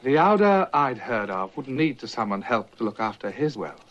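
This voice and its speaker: Cool cunning young english officer, calm measured voice, muffled old film sound, faint hiss. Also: male voice, mid-range voice. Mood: cool baiting.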